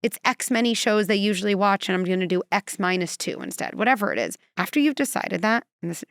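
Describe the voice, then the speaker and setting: A woman's voice: medium pitch, lively intonation, quick pace, smooth, no room sound, clean studio sound. A female clinical psychologist, a guest in a conversational podcast interview, talking animatedly and acting out quotes and little scenarios.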